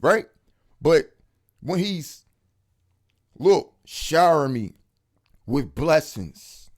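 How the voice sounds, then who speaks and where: Guy hyped up talking about god blessing him, lots of bro and dog, kinda high voice. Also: very slow. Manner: excited, street slang, repeats words for emphasis. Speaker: religious video speaker. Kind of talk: casual faith testimony to camera.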